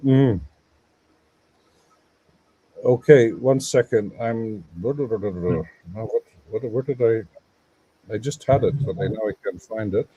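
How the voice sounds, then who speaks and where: Low mellow husky guy rambling through a lecture on a live panel. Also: unhurried, pauses often, low-quality recording. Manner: digressive, lecturing explanations; mutters while searching for notes. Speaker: guest scholar.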